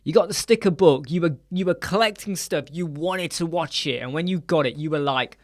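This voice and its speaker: A man, hosting a casual live stream chat from a small room lined with soundproof panels, animated and acting out quoted voices. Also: on the high side, fairly quick.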